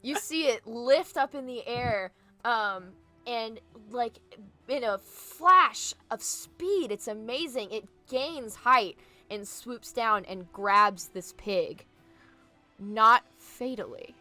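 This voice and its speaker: A woman's voice: fairly high pitch, slow, bright, forceful tone, soft background music. A woman narrating as game master of a tabletop game, descriptive and full of fillers. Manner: descriptive, filler-heavy, laughs easily.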